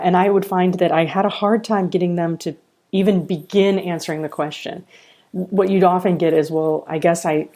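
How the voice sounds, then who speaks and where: A middle-aged woman, a college founder, telling earnest stories in a podcast interview. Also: low-pitched. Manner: earnest, animated storyteller.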